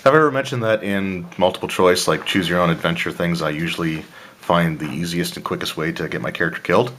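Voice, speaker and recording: Deep-voiced man reading a solo gamebook aloud. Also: fast, fairly bright tone. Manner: casual, with asides and throat-clearing. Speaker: player of a solo tabletop adventure.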